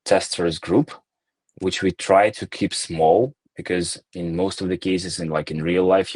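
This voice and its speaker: A company founder answering audience questions in a live Q&A, talking in a measured, hesitant way with many fillers and restarts. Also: male voice, low voice, darkish tone, no room sound. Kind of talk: live Q&A session.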